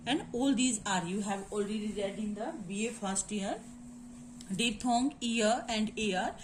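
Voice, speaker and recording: A woman teaching word stress in a halting lecture, with many fillers and quick Hindi asides. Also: medium pitch, background noise. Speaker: English literature teacher.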